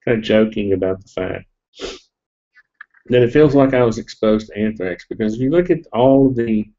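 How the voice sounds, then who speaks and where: Middle-aged man, low-pitched, sniffling, rambling jokey storytelling, muffled lo-fi recording. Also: normal speed, warm tone. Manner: rambling and jokey, with fillers and laughs. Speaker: live-stream vlogger. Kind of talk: casual storytelling to a live audience. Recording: dull lo-fi webcam audio.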